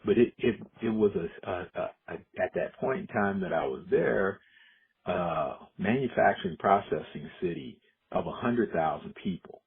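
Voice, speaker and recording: A man from Illinois recalls his past in an unhurried, reflective way, circling back and restarting his sentences. His voice sits very low and sounds deeply husky and breathy. The audio is narrow and muffled, like a phone line. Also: lively intonation. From Decatur, Illinois, USA. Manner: reflective, storytelling, frequent restarts. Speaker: educator, interviewee. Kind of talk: oral history interview.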